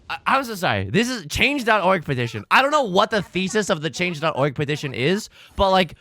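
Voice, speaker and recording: A man's voice: high-pitched, big pitch swings, a little fast, few pauses, bright, forceful tone. A man hosting a let's play, giving casual, rambling, self-deprecating commentary while he plays.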